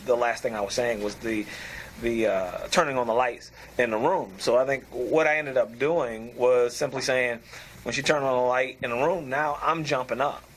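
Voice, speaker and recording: A man's voice: medium pitch, fairly even intonation, moderate pace, fairly bright tone, a little hiss or hum. A man in a barbershop group talk, explaining his ideas on communication in a thoughtful way. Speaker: barbershop discussion participant. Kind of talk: casual group chat.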